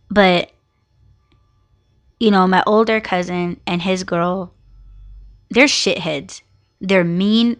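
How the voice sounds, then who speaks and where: A woman's voice: fairly low pitch, fairly bright tone. A young woman hosting a podcast, telling a personal family story in a candid, emotional way and swearing freely. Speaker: podcast host.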